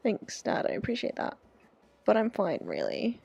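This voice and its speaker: A woman's voice: mid-range voice, huge pitch swings, moderate pace, vocal fry, darkish tone, breathy edge, soft background music, heavily acted. A woman voicing a flippant, sarcastic teenage girl talking to her dad in a game. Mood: brushing off. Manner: breezy and sarcastic.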